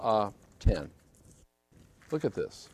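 A man's voice: lowish voice, big pitch swings, slow pace. A man preaching a sermon in an emphatic way, repeating key phrases and often checking with listeners by asking "okay?". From British Isles.

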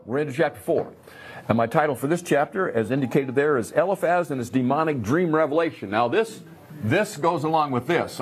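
Animated man teaching a Bible class. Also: medium pitch, slight background noise. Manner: animated, acts out characters, repeats words.

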